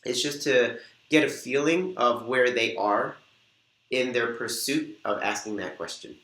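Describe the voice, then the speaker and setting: A man talks straight to camera in an upbeat coaching manner, walking viewers through sample conversations step by step. His voice sits at an ordinary middle pitch. The sound bounces around a roomy, echoing space. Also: unhurried, pushed and bright. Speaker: host and weight-loss coach. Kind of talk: instructional talk to camera. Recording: echoey room.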